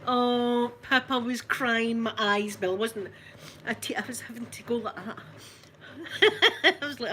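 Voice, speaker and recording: Chatty older Scottish woman, bright voice. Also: fairly high pitch, fairly quick, a little hiss or hum. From Scotland. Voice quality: chatty, rambling, self-correcting, laughs often. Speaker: livestream host. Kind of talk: casual live chat with viewers.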